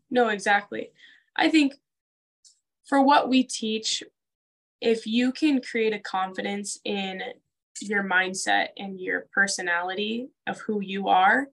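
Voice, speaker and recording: A woman co-hosts a casual conversation, talking earnestly and filling her speech with frequent "like"s. Her mid-range voice is gravelly and a bit bright, with fairly even intonation and an unhurried pace, captured in a low-quality recording.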